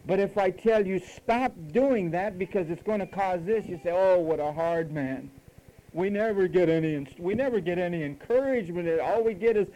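A man preaching a sermon in an emphatic, teasing way, dropping to hushed asides between louder points. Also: high voice, a little fast, hardly any pauses, low-quality recording.

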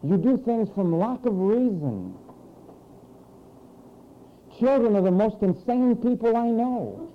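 A man preaching a sermon in a church, animated and mocking as he mimics frantic people. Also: high voice, slow pace, long pauses, dull audio.

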